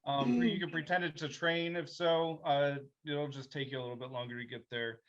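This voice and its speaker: A man's voice: on the high side, normal speed, muffled recording. A man emceeing a comedy show, introducing the next act in a casual way with ums and uhs. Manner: casual, with filler um and uh. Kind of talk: introducing acts.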